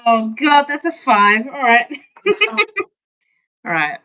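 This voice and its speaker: Slow, halting woman player on a dull mic. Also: a little high, big pitch swings, sharp tone, a little hiss or hum. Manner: halting, stammering. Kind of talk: casual tabletop play.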